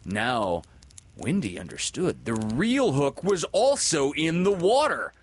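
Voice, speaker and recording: A man reading a children's story aloud in an expressive, dramatic way. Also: fairly high pitch, takes it slowly, husky, no echo.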